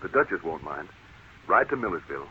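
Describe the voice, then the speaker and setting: An actor playing a steady, confident cowboy hero with a calm, commanding western drawl, in 1940s radio acting. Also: male voice, low voice, a little fast. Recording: tinny, hissy old radio broadcast.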